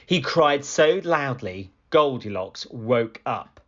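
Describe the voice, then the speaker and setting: A man reading a children's picture book aloud in an animated, expressive storytelling manner. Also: mid-range voice, slow pace, lo-fi sound.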